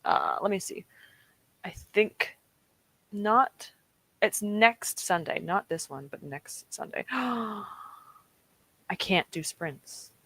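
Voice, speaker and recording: A young woman sits at her home desk hosting a reading stream, giggly and chatty, often laughing and reacting to the live chat. Her mid-range voice is animated but slow-paced, with vocal fry, frequent pauses and a slightly bright tone, and there's no room sound.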